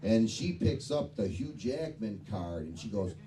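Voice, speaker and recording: A man's voice: fairly low pitch, animated, a little slow, warm tone. A man in his fifties doing a crude, profane stand-up routine on a club stage. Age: 50s. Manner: profane, rowdy storytelling. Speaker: stand-up comedian. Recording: distant mic, noisy club. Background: audience laughter.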